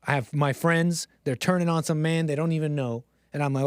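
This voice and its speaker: A man's voice: a little high, fairly even intonation, fairly quick, few pauses, clear, resonant tone, no room sound, clean studio sound. Rambling sarcastic man on a livestream. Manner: rambling, sarcastic, mocks others with exaggerated gasps. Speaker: livestream host. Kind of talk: casual livestream commentary.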